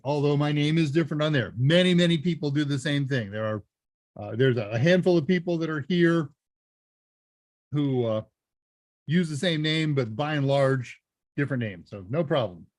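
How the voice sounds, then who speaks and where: A man hosting a live Q&A stream, chatting casually and joking as he reads messages and thinks out loud. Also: fairly high pitch, expressive, moderate pace, dry recording. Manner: chatty, jokey, thinks aloud. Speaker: live Q&A host.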